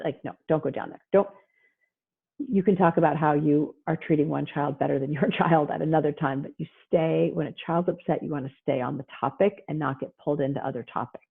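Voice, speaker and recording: A middle-aged woman therapist giving a lively online parenting talk, acting out parents and children as she goes. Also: deep voice, brisk. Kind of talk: animated online presentation. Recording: husky voice over a tinny phone-like line.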